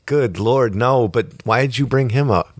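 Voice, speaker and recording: A man's voice: mid-range voice, unhurried, dry recording, studio quality. A man hosting a casual podcast chat, joking and teasing his co-host. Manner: teasing, jokey, prone to laughing fits.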